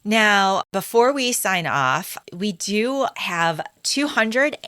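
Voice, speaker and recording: A woman co-hosting a paranormal podcast, chatting casually and reading listener reviews aloud with quick excitement. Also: mid-range voice, smooth, no room sound, studio quality. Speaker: podcast co-host.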